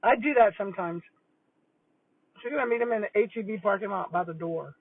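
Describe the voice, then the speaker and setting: This older woman's voice is medium-pitched, brisk and slightly rough. A retired principal who vlogs, she rambles chattily while eating lunch on a casual livestream, and the sound is thin, tinny, phone-like and dry with no room sound.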